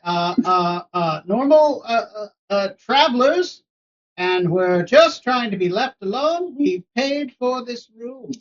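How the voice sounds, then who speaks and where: Guy doing a jumpy traveler, high and stammery, dull lo-fi audio. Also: expressive, takes it slowly, exaggerated voice. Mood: nervous pleading. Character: nervous male traveler hiding behind a door. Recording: dull lo-fi recording.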